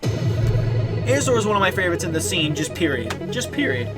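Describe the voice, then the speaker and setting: Excitable reaction-channel host, mid-pitched, casual rambling commentary over loud playing music. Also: a little fast. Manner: excitable, gushing, rambling with restarts and swearing. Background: loud electronic music playing.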